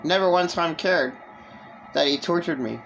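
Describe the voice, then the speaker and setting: A woman vlogging an emotional personal monologue, rambling and halting with many restarts. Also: deep voice, gravelly, highs cut off, slight background noise.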